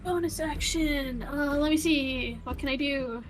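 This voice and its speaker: A woman's voice: sits high, measured pace, noisy background. A woman playing a tabletop game, hesitant and unsure of the rules. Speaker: player. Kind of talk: casual game chat.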